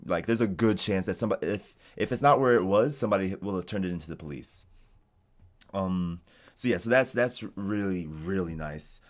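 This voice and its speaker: An American man in a casual interview, talking in a relaxed, rambling way with lots of "like". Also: sits low, a little fast. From United States. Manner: relaxed, rambling, heavy use of "like". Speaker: interviewee, game designer in Japan. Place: home streaming setup.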